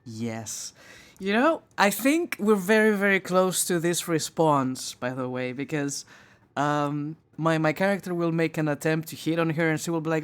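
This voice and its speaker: A woman's voice: deep voice, expressive, moderate pace. A woman streamer giving chatty, candid commentary over a live gameplay session.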